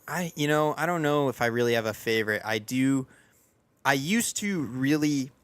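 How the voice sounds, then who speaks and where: A man's voice: mid-range voice, expressive, moderate pace, no echo. A young man hosting a podcast in casual chat, talking in a rambling, self-deprecating way with lots of fillers and restarts. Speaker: podcast host.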